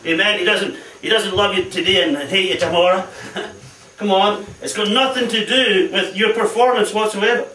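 A man preaches a fervent sermon to a congregation, sprinkling in amens and hallelujahs. His voice sits high and sounds bright. It carries from some distance off the mic and echoes through a roomy church hall. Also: steady tone, moderate pace, slight background noise.

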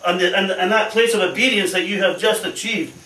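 High-voiced fervent preacher in echoey church. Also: male voice, brisk, sharp tone, far from the mic, slight background noise. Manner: fervent, punctuates with hallelujahs and amens. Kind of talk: sermon. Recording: echoey hall, voice off-mic.

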